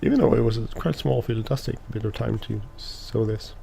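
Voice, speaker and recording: A man with a gravelly, dark voice whose first language is Swedish talks his way through a farming game, restarting sentences and filling gaps with "uh". A faint hiss runs underneath. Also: on the low side, fairly even intonation, fairly quick. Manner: rambling, many restarts and fillers. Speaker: let's play host. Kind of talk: casual gameplay commentary.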